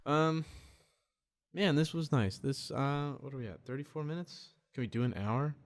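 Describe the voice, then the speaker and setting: A man's voice: medium pitch, moderate pace. Frustrated young man rambling alone. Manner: frustrated, rambling, profane, with many restarts; tends to talk quiet. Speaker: podcast host. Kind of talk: solo rambling monologue. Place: dark room at home.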